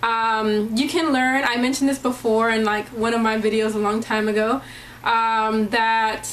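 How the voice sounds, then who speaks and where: A woman's voice: fairly high pitch, level tone, unhurried, a bit bright. A young woman vlogging in a casual chatty way, with lots of ums and likes, speaking into a camera mic indoors. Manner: chatty, many ums and likes, laughs often. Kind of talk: casual vlog talk. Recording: echoey room, faint background hum.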